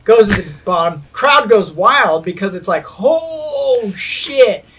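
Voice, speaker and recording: A man with a notably high voice spins a rowdy story in loose, casual conversation. He talks in an animated rush, swears constantly and breaks into laughter along the way. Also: moderate pace. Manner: animated, heavy swearing, laughs while telling. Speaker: skate videographer telling a story.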